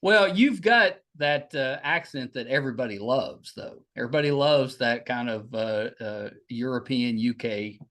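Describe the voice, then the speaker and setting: Halting West Virginian man hosting. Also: medium pitch, lively intonation, a bit bright. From West Virginia, United States. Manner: halting, many restarts and fillers. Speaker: podcast host. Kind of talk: casual interview chat.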